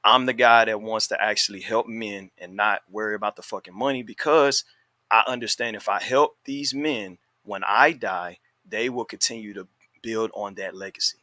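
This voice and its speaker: A man in a studio podcast, talking in a measured, reflective way with "um" pauses. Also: lowish voice, pushed and bright, dry recording. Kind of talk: casual podcast discussion.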